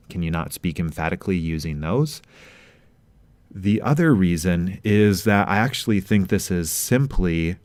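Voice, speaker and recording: A man explains grammar in a measured, deliberate way, pausing over each example he reads. His voice sits very low and his pace is unhurried. The recording is dry, with no room sound. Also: darkish tone, clean tone, dry recording. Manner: measured, explanatory, reads out Hebrew verses slowly. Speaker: teacher. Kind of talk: grammar lesson narration.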